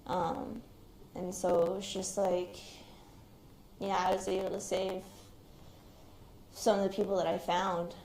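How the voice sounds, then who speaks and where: A young woman, an active military member who survived a shooting, recounts a personal experience in an interview, speaking hesitantly and quietly with reflective pauses to gather her thoughts. Her mid-pitched voice has a flat delivery. The recording is roomy and echoey, with a faint hiss of background noise underneath.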